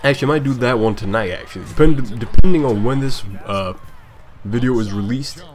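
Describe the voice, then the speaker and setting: A man's voice: medium pitch, fairly quick, darkish tone. A young man from Scotland with a hybrid British-African accent, rambling through casual commentary over a basketball video game. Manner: rambling, chatty, self-deprecating. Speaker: gaming YouTuber.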